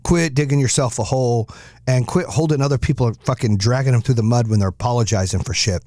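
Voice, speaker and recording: A man's voice: mid-range voice, fast, a little mellow, dry recording, studio quality. A man hosting a podcast, giving a blunt, profane, fired-up motivational monologue. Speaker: podcast host.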